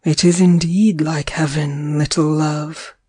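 A woman reading the part of a devoted young man, speaking gently and soothingly to his beloved. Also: low-pitched, steady tone, slow, no room sound. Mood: tender. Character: tender young man, devoted lover, calm.

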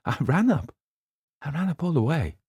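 A man reading an audiobook voices a terrified young woman in a high, breathless pleading tone. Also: very animated, moderate pace, creaky, darkish tone, breathy edge, no echo, studio quality, heavily acted. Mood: dazed. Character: terrified young woman trapped atop a tower.

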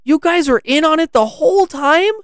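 A mischievous little elf boy, high strained voice, storybook read. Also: moderate pace, smooth, no room sound, studio quality. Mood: alarmed. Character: young male elf, naughty but remorseful.

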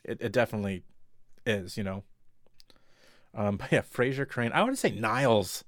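A man's voice: lowish voice, moderate pace, no echo, clean studio sound. A man co-hosting a podcast, rambling in casual chat with many fillers and restarts. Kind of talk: casual chat about TV shows.

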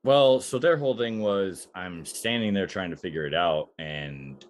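A man's voice: deep voice, moderate pace. A man chatting casually and telling rambling, laid-back stories with plenty of slang. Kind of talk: casual chat.

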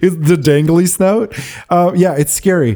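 A man's voice: sits high, fairly even intonation, normal speed, mellow. A man co-hosting a casual film discussion, chatty and enthusiastic, laughing often. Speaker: podcast co-host.

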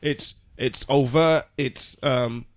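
A man's voice: mid-range voice, steady tone, slow. Earnest man explaining his view. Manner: earnest, explaining, repeats words as he works through a point. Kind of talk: casual discussion.

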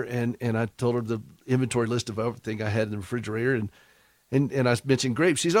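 A man hosts a faith talk show in a folksy, joking manner. His pitch sits in the middle of the range. The recording is dry and close, with no room around it. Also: fairly even intonation, fast talker, dry recording. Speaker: radio talk show host. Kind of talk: warm humorous talk-show chat.

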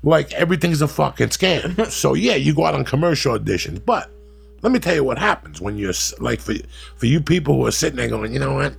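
Gravelly, ranting foul-mouthed man. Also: a little high, very animated, brisk. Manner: profane, ranting, jumps into voices. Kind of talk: crude comic storytelling rant.

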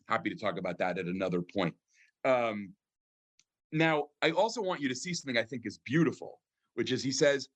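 A man, a rabbi, teaching a class on scripture, reading verses aloud and translating them, with frequent pauses and ums. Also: fairly low pitch, fairly bright tone. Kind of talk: lecture on scripture.

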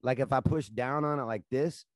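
Profane animated man telling stories. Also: medium pitch, moderate pace, dry recording. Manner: profane, animated storyteller, laughs at his own stories. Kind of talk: casual storytelling chat.

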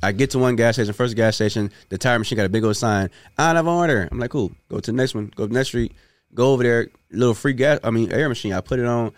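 A man's voice: medium pitch, quick pace, no room sound. A man hosting a casual chat, telling a long story and often asking "you know what I'm saying" as he restarts his sentences. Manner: many restarts and repeated words. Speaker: podcast host.

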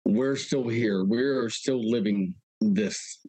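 Earnest low-voiced man, interview guest. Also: takes it slowly, warm tone, no echo, rough recording. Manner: earnest, repeats words, clears throat. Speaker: guest, local resident. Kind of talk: casual interview talk.

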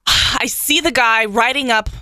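Bright excitable female co-host. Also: a little high, measured pace, no room sound, studio quality. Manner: excitable, laughing retelling. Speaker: radio co-host. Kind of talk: casual chat.

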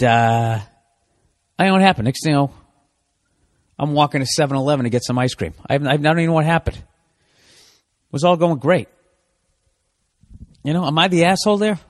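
A middle-aged man hosting a podcast, delivering a profane comedic rant that swings from loud outbursts to low mutters. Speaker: podcast host.

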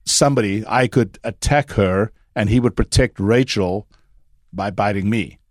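A man's voice: on the low side, unhurried, no room sound, clean studio sound. A middle-aged man from Africa, a dog trainer explaining at length in a casual podcast chat, often restarting his sentences.

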